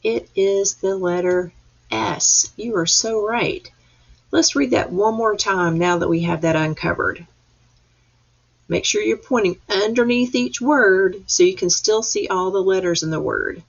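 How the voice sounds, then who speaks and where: A woman teacher leading a reading lesson for young children, patient and encouraging, sounding out letters slowly. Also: medium pitch, vocal fry, breathy edge, lo-fi sound. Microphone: webcam or computer mic.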